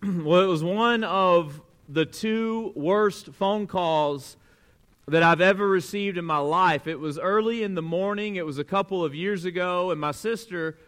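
A pastor in the pulpit, a man with a voice set a bit high for a man. He tells his story earnestly, dropping to near-hushed lines and then rising to emphatic peaks. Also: a little slow, clear, resonant tone. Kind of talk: sermon with personal story.

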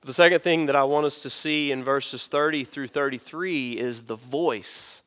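A man's voice: mid-range voice, normal speed, fairly bright tone, clean tone. A male pastor preaching a sermon, earnest and emphatic, repeating phrases to press his points.

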